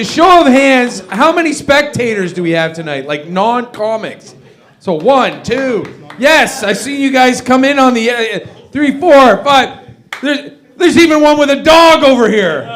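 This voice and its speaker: A man's voice: extremely high pitch, a bit bright. A man hosting a comedy open mic on a club stage, upbeat and hyping the audience. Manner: upbeat, hypes the crowd. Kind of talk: emceeing a comedy night.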